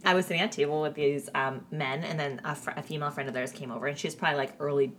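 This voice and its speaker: Racing through her stories in a low voice, a Canadian woman co-hosting a laid-back podcast acts out others' quotes and laughs often. A little hiss or hum is audible.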